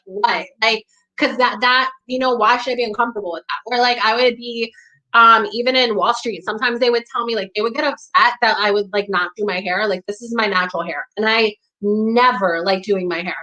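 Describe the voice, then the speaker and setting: Young new york woman talking real blunt, swears a lot, says like constantly, bright sharp voice. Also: fairly high pitch, steady tone, brisk, low-quality recording. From New York area. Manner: blunt, profane, heavy use of "like". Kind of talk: candid conversation.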